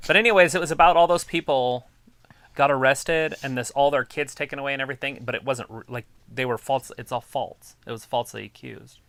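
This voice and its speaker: A woman's voice: extremely low pitch, fairly quick, no room sound. A woman co-hosting a casual live watch-along stream, making offhand remarks on the action. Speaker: stream co-host.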